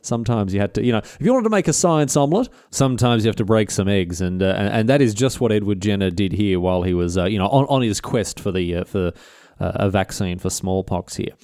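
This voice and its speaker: A man's voice: fairly low pitch, expressive, quick pace, darkish tone, no echo, clean studio sound. A man telling a history story in a casual, jokey, digressive way. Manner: jokey, digressive, frequent restarts. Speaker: history presenter.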